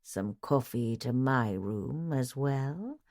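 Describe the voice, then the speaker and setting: A woman reading an audiobook, voicing a lecherous man in a slow, insinuating drawl. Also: extremely low pitch, animated, a little mellow, pitched below the performer's own voice, full character voice. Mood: leering. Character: leering, lecherous man, middle-aged.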